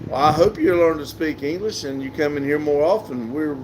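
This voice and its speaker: A man's voice: a little high, a little fast, darkish tone, slight background noise. Southern man chatting on a livestream. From southern United States. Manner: chatty, laughs often, reads comments aloud. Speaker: livestream host reading chat. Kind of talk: casual live chat. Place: outdoors.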